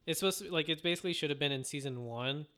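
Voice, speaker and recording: A fairly high-voiced man co-hosting a casual podcast. His voice is bright and clean, and he rambles through a plot recap, acting out quoted lines as he goes. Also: very fast. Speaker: podcast co-host. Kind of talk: casual anime recap chat.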